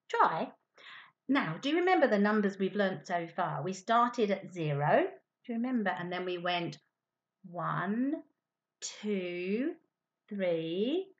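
A woman teaching young children a maths lesson with a puppet, in a sing-song, encouraging manner with hushed asides, on a dull lo-fi recording. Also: medium pitch.

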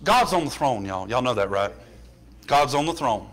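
A pastor preaching a sermon, building from plain storytelling to impassioned shouting in a church. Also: male voice, mid-range voice, sing-song, normal speed.

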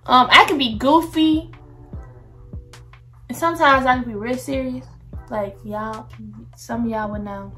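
A woman's voice: sits high, unhurried, long pauses, bright, forceful tone, faint music behind. A young woman, chatting casually to her viewers in a get-to-know-me vlog. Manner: chatty, addresses viewers as "y'all". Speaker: vlogger.

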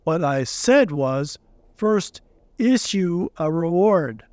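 A pompous, long-winded old male owl who fusses over long words, played by a man reading aloud. His storybook voice sits slightly high and is recorded close and dry. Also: lively intonation, slow pace, darkish tone, no room sound.

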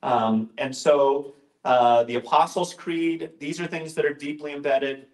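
A man's voice: a little high, fairly even intonation, measured pace, darkish tone. A male pastor giving an informal, conversational talk, often interrupting himself with asides and jokes. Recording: roomy echoing room.

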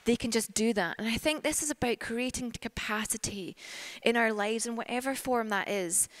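A woman's voice: medium pitch, no echo. A woman preaching a church sermon in an earnest, heartfelt way. Her voice sits in a middle range. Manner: earnest, gets emotional and laughs through tears. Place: church service.

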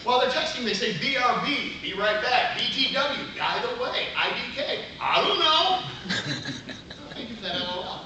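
A middle-aged man giving a humorous contest speech with punchy comic timing and quick asides, to an audience in a large meeting room. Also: sits high, animated, a crowd in the background. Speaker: contest speaker. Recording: echoey room from far off. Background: audience laughter and room noise.

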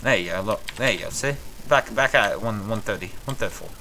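A man's voice: on the low side, brisk, noisy background. A young man hosting a casual gameplay commentary in a put-on British accent, rambling and swearing with frequent stammered restarts. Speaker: gaming channel host.

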